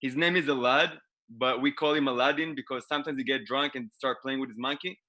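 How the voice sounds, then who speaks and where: A young man with an Israeli accent performing a deadpan stand-up comedy set over a video call. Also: mid-range voice, noisy background. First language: Hebrew. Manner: deadpan delivery, halting English.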